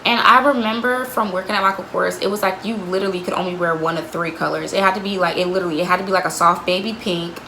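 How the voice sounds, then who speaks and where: A woman's voice: on the low side, steady tone, fast talker, hardly any pauses, bright, forceful tone, slight background noise, poor audio. A young woman vlogger telling a candid storytime about an old job, blunt and sweary, with lots of "like.". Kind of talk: storytime vlog.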